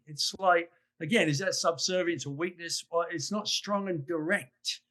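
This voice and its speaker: A man's voice: high-pitched, normal speed. A man with an English accent, a consultant guest on a recruiting podcast, breaking down a phone call and acting out quoted lines. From England. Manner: animated, acts out quoted lines. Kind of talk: podcast commentary.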